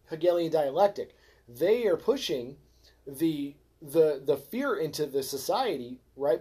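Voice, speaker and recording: A man hosting a podcast, ranting in a fervent, preachy way, calling his listeners folks and swinging from low mutters to loud exhortation. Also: slightly rough. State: frustrated. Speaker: podcast host. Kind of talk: ranting religious podcast monologue.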